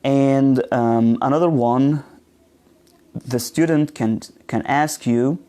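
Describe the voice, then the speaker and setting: During a live online pronunciation class, a man speaks at medium pitch in a warm tone. His pace is slow and his speech hesitant and filler-heavy as he demonstrates words and poses questions to students.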